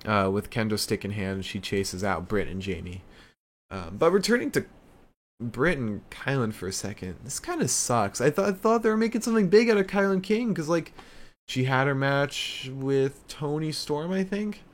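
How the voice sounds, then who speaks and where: A man's voice: mid-range voice, animated, normal speed. A man giving a casual video recap of a wrestling show, loose and chatty, with plenty of fillers.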